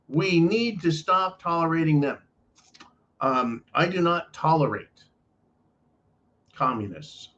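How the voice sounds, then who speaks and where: A man's voice: medium pitch, muffled recording. A man hosting a political commentary show, delivering an emphatic, profane ranting monologue with lots of repetition.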